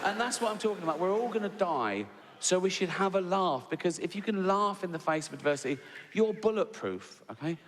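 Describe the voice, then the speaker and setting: A man in his sixties tells stand-up stories, chatty and quick to laugh at himself, finishing lines with "right?". His voice sits a little high for a man. The sound carries the long reverb of a large hall, with faint ambience behind it. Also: animated, a little hiss or hum. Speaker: stand-up comedian. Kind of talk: stand-up storytelling.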